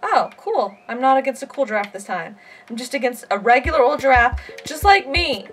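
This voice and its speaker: A woman casually commenting while she plays a game, playful and excitable, cheering and trash talking and now and then squeaking in a silly high voice. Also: fairly quick, soft background music. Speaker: gaming video creator. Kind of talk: playing a game with live commentary.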